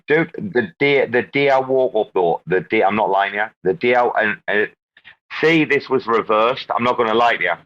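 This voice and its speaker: A regular on a live crypto audio show chats casually outdoors at night, swearing a lot and rambling with slangy restarts. His voice is on the low side and a bit bright, with a lo-fi sound.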